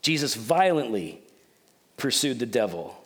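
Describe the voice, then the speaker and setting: A pastor giving a sermon in a joking, conversational, storytelling manner. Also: male voice, medium pitch, sing-song, measured pace.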